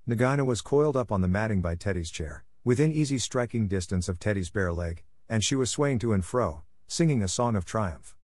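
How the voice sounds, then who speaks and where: A man narrating a classic story in a steady, clear reading for English learners. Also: on the low side, brisk, few pauses, no echo. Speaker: audiobook narrator.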